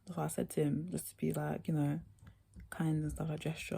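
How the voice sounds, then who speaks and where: Husky low-voiced woman telling a story. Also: level tone, fairly quick, warm tone. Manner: rambling, chatty, constant "yeah" and "like". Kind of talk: casual storytime monologue.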